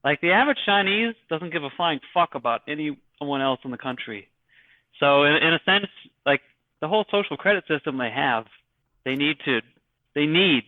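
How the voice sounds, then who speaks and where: A man's voice: on the high side, lively intonation, dry recording. Man on a tinny, dry call line. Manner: halting, many restarts, crude swearing. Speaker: podcast guest. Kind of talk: casual podcast chat. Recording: dry, phone-like call audio.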